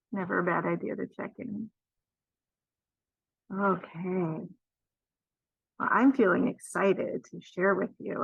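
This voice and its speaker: A woman leading a children's storytime, gently encouraging kids and singing along. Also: on the low side, gravelly, husky, no room sound, highs cut off.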